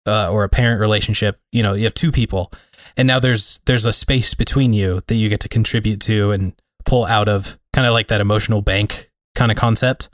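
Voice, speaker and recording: In a clean, dry studio recording, a male podcast co-host with a voice on the low side chats casually. His talk is thoughtful and meandering, littered with fillers.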